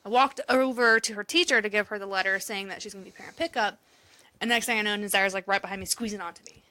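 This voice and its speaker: A woman's voice: mid-range voice, fairly even intonation, fast talker, sharp tone. A woman co-hosting a podcast, telling an emotional story in casual chat, swearing freely and laughing often. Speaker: podcast co-host.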